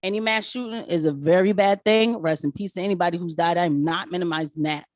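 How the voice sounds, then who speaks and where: Animated woman ranting to her viewers. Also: on the low side, brisk, dry recording, studio quality. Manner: animated, talks back to viewers, mocks voices in quotes. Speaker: political commentary vlogger. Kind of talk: casual live-stream commentary.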